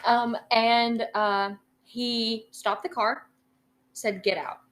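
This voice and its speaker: A woman's voice: a little high, level tone, extremely slow, a bit bright, slight background noise. A young woman co-hosting a podcast, telling a story in casual chat, rambling with many fillers and freely swearing. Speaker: podcast co-host.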